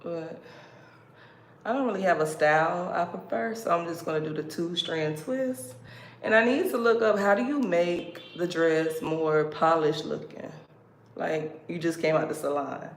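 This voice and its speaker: A woman's voice: fairly low pitch, a little slow. A woman from the States hosting a casual livestream, chatty and playful, laughing as she talks. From United States. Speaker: livestream host. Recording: roomy echo, background noise.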